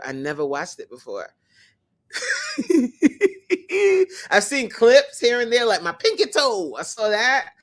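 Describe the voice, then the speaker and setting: A woman hosting a casual livestream chat, animated and teasing, who laughs often and talks straight to her viewers. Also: lowish voice. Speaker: host.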